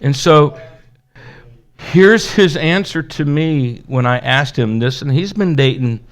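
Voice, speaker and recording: A man's voice: a little high, animated, slow. A man, a pastor, telling a personal story in a conversational sermon, acting out the dialogue and laughing now and then. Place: church.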